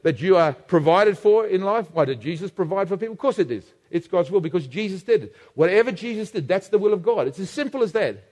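A man's voice: high-pitched, darkish tone, in a large hall. A man preaching a sermon, emphatic and fond of repeating phrases for effect.

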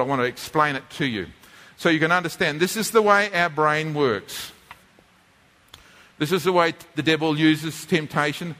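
A man with a high, sharp voice delivers a teaching sermon using a drawing board, his words echoing with long hall reverb. He speaks conversationally, frequently going back to repeat or restart words.

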